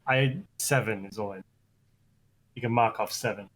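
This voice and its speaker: A man's voice: lowish voice, normal speed, fairly bright tone. A man playing in an online tabletop game, speaking hesitantly with fillers. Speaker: player. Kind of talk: casual tabletop game chat.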